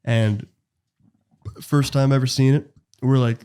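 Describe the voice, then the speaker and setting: A young man with a mid-pitched voice, co-hosting a loose podcast chat. He reads his notes aloud in a jokey way, stumbling and restarting as he goes. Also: steady tone, moderate pace, pauses often, mellow, clean tone. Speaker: podcast co-host. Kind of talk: casual chat and reading aloud.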